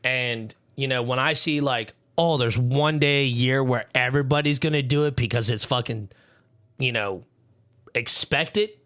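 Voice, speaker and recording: A man's voice: mid-range voice, normal speed, a bit bright. A young man co-hosting a podcast, telling a heated, profane story about hating Valentine's Day. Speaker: podcast co-host. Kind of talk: heated casual podcast rant.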